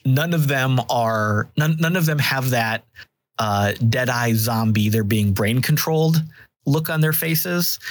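Describing scenes at a measured pace, a man narrates as the game master of a tabletop role-playing game. His voice sits in the mid range, and the recording has no echo.

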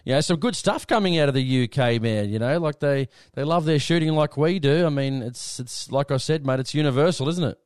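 A man's voice: a little high, fairly quick, few pauses, a little mellow, no room sound, clean studio sound. An Australian man hosting a podcast interview, friendly and matey in a casual chat. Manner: friendly, matey, says "mate" often. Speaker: podcast host.

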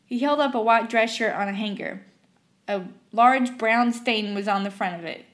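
Woman, storytelling narration, animated, slightly high voice. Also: moderate pace. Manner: animated, acts out every character.

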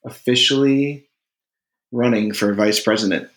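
A man's voice: medium pitch, a little slow. A man co-hosting a podcast in casual chat, joking, laughing often and swearing casually. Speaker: podcast co-host.

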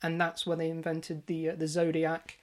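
Woman on a comedy podcast, deadpan and earnest, fairly low voice, lots of uhs. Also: normal speed. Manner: deadpan, earnest conspiracy-theorist act, hesitant fillers. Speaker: podcast co-host. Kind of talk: mock-serious comedy podcast chat.

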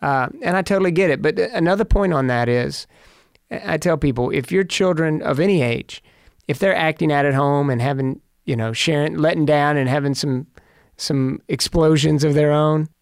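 Earnest gravelly man. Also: on the high side, moderate pace, no room sound, studio quality. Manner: earnest, storytelling, prayerful. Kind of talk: casual faith talk.

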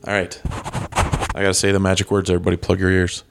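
A man's voice: sits low, monotone, fast, vocal fry. A man co-hosting a comedy podcast, joking around and setting up goofy bits.

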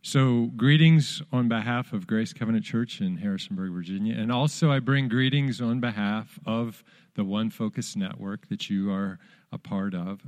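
A man's voice: on the low side, moderate pace, a little mellow. A man in his fifties, a visiting pastor, giving friendly, plainspoken greetings to a congregation. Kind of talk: church greeting.

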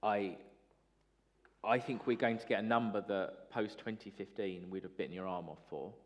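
A man in casual political chat, chatty and animated, with lots of fillers. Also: fairly low pitch, normal speed. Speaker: political commentator, former party staffer.

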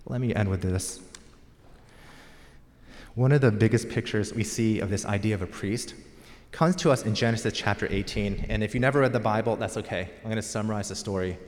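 A man's voice: on the low side, a little fast. An American man preaching a sermon as pastor, in a conversational storytelling manner. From United States. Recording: long hall reverb.

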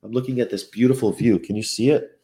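A man from the North of England talks casually in a mid-range voice, reading articles aloud and reacting with swearing and disbelief. He swings from loud outbursts to low muttering, speaking from a rented room indoors. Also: fairly even intonation, quick pace, slightly rough. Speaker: vegan activist vlogger. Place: indoor rental apartment room with a window view.

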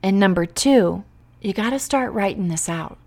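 A woman's voice: mid-range voice, animated, normal speed, a little mellow. A woman hosting a podcast, talking earnestly and emotionally straight to her listeners in a heartfelt, faith-based way. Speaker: podcast host and teacher coach.

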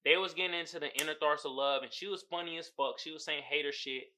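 A man's voice: on the high side, fast talker, a little hiss or hum. A young man hosting a podcast, recapping a show in loose, profane casual chat and putting on voices for its characters. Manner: profane, animated recapping with quoted voices and laughter. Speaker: podcast host.

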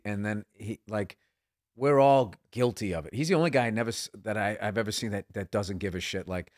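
A man's voice: on the low side, fairly quick, dry recording, studio quality. A man chatting as a comedian guest, telling rambling, profane stories full of restarts. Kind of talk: casual chat.

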